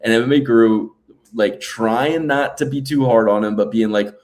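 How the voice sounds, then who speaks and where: A man co-hosting a sports betting podcast, talking in animated, profane casual chat and often slipping into mocking quoted voices. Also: medium pitch, normal speed. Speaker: podcast co-host.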